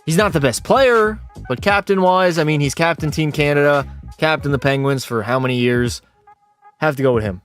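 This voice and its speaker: A man's voice: on the high side, normal speed, a bit bright, soft background music. A young man streaming a game, tipsy from beer, who swears freely and argues back at his chat. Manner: profane, argumentative, talks back to chat. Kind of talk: casual live-stream chat.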